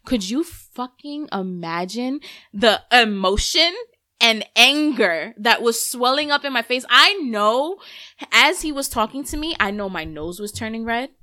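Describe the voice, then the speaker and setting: A woman's voice: a little high, measured pace, dry recording, studio quality. A woman in her thirties hosting a podcast, telling a story in casual, candid chat, cursing freely. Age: 30s. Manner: candid, profane, animated storytelling. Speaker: podcast host.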